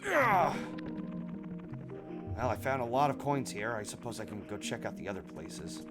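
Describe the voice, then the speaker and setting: Guy streaming a game, lowish voice that bounces around a lot, curses when he messes up, game music loud behind him. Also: big pitch swings, moderate pace. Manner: rambling, swears when frustrated. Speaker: streamer playing a video game. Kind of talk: casual gameplay commentary. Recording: game music playing clearly under the voice.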